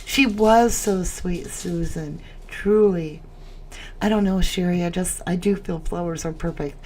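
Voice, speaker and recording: A woman's voice: lowish voice, measured pace, darkish tone, a little hiss or hum. A woman hosting a casual livestream chat, emotional as she reads viewer comments aloud. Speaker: livestream host.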